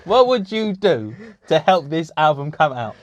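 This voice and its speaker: A man's voice: on the high side, sing-song, a little slow. A man co-hosting a podcast, chatting casually, teasing with hypotheticals and laughing often. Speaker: podcast co-host. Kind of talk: casual chat.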